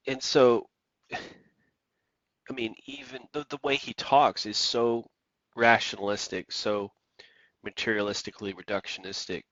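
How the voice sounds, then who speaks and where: A man's voice: fairly low pitch, fairly bright tone, dry recording, muffled recording. A man preaching on the radio, emphatic and repeating phrases for stress. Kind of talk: preaching monologue.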